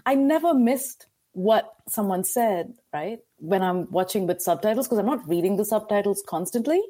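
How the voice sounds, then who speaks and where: A woman's voice: mid-range voice, expressive, normal speed, dark tone. A woman chatting casually as a podcast guest. She speaks in a plain, matter-of-fact way and pokes fun at herself. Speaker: podcast guest, corporate video narrator. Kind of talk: casual chat.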